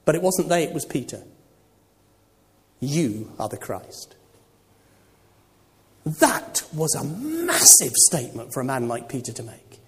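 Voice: medium pitch, normal speed. Preacher in an echoing church. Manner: animated, full of rhetorical questions to the congregation. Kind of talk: sermon. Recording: long reverb of a church.

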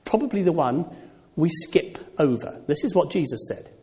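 A preacher giving a sermon, animated and full of rhetorical questions to the congregation. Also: medium pitch, moderate pace. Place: church. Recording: long reverb of a church.

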